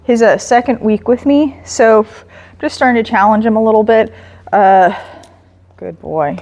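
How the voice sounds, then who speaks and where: A woman dog trainer talks slowly and evenly, narrating her session between short, calm commands. Her voice sits a little low for a woman, with a faint hiss of background noise behind it. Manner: calm, patient commands mixed with soft praise.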